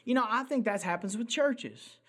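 A man's voice: extremely high pitch, lively intonation, normal speed, a bit bright. A man preaching a sermon as pastor, earnest and emphatic, repeating key phrases and asking the congregation rhetorical questions.

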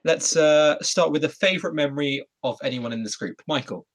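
A man's voice: a little high, brisk. A young man hosting a casual podcast chat with friends, laughing often as he talks. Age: young adult. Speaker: podcast host.

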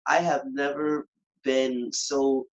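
A singer and performer telling a story in a lively, animated way, acting out moments and humming bits of songs. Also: male voice, medium pitch, slow pace. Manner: animated, acts out moments, sings snippets. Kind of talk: casual storytelling. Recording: dull lo-fi sound.

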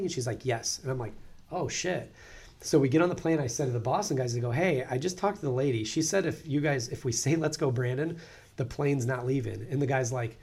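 A man telling a story in casual chat, profane and animated, acting out other people's voices. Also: mid-range voice, fairly quick.

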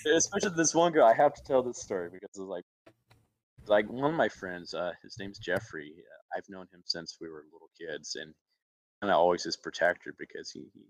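A man's voice: low voice, a little fast, no echo. A man from Alabama, an actor, telling personal stories in a casual interview. He laughs often and acts out other people's voices.

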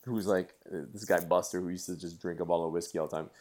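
A middle-aged man in casual chat, telling animated stories with swearing and laughter. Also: deep voice, fast.

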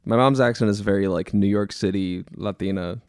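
Young male podcast guest, easygoing and self-mocking, low voice, dead-dry recording. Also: fairly quick, clean tone, dry recording. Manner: relaxed, laughing, self-deprecating. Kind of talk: casual chat.

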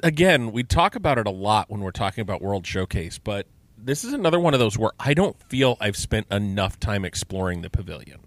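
A man's voice: fairly low pitch, big pitch swings, brisk, no echo. A middle-aged man co-hosting a podcast, chatting casually and enthusiastically and asking lots of questions. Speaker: podcast co-host. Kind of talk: casual chat.

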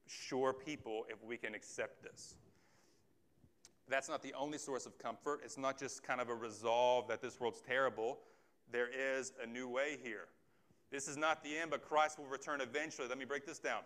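A man's voice: mid-range voice, steady tone, normal speed, a bit bright. A man preaching a sermon as a pastor, earnest and conversational, often asking the listeners rhetorical questions.

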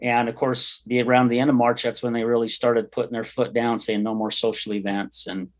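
A man's voice: mid-range voice, little pitch movement, a little fast. A middle-aged man telling his personal story as a podcast guest, earnest, heartfelt and candid. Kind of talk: personal testimony in an interview.

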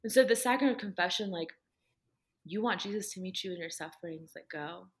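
A woman's voice: on the low side, fairly quick. A woman talking casually about her faith, telling earnest personal stories and filling her speech with "like". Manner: earnest storytelling, heavy use of "like".

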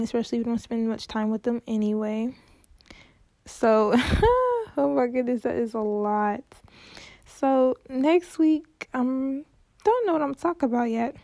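A young woman hosts her own show and tells a story with chatty fillers and sudden dramatic exclamations. Her voice is a little high, with a mellow, gravelly tone. The sound is close and dry. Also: unhurried, dry recording. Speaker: podcast host. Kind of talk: casual storytelling monologue.

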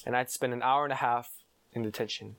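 A man's voice: mid-range voice, steady tone, fast, gravelly, a bit bright. A young man co-hosting a casual podcast chat, swearing freely and saying "right?" and "like" often. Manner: casual, profane, frequent "right?" and "like". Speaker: podcast co-host.

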